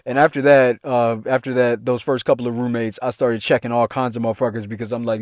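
A man's voice: mid-range voice, flat delivery, fast, few pauses, a little mellow, no room sound, clean studio sound. A man telling a funny personal story in a casual, slangy, heavily profane way, laughing often. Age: adult parent. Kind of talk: casual comedic storytelling monologue.

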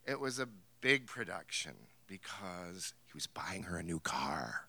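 A man's voice: deep voice, sing-song, unhurried, bright, forceful tone, a little hiss or hum. A man from New Hampshire telling a wry, amused family story to a live theater audience. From New Hampshire, USA. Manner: wry, amused, laughs through his story. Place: theater stage.

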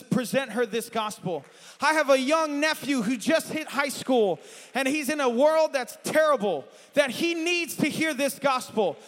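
A male preacher, his voice high and bright, rising from quiet confession to full-throated shouting. The sermon rings through a large church hall with a long, lingering reverb. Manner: impassioned, swings from hushed confession to shouting. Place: church sanctuary.

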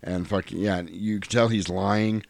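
A man's voice: lowish voice, steady tone, moderate pace, gravelly, a little mellow, no echo. A man casually recapping a film in profane chat, acting out the characters' lines as he goes. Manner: profane storyteller, acts out quoted lines.

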